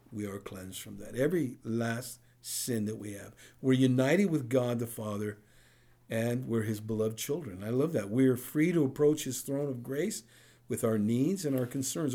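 Mellow-voiced man preaching a sermon. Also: mid-range voice, breathy edge. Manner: conversational preaching with frequent rhetorical "right?". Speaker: pastor.

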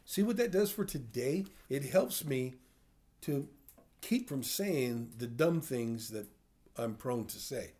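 A man's voice: mid-range voice, animated, slow, warm tone. Older man preaching a conversational sermon. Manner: conversational teaching, asks the audience questions. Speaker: pastor. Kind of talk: sermon teaching.

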